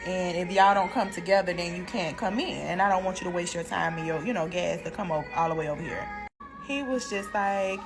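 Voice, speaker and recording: A young woman telling a prison story in a storytime vlog, animated and slangy, laughing as she goes. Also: mid-range voice.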